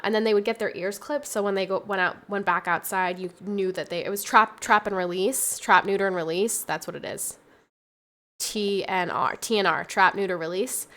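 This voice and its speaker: A young woman streaming a casual chat, tired and tearful, talking softly with many pauses and restarts. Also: fairly low pitch. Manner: soft, halting, full of fillers and restarts.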